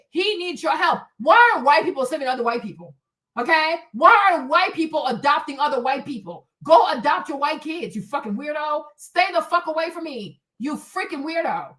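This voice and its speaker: A woman's voice: sits high, a bit bright. A woman hosting a livestream, ranting in a heated, profane way and hammering her points through repetition. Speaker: show host. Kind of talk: livestream commentary rant.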